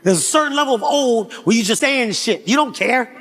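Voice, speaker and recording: Stand-up comic, male, very high bright voice, shouty and animated storytelling on a stage mic. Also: brisk. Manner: loud, animated, frequent shouting and laughing. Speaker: stand-up comedian. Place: comedy stage before a live audience.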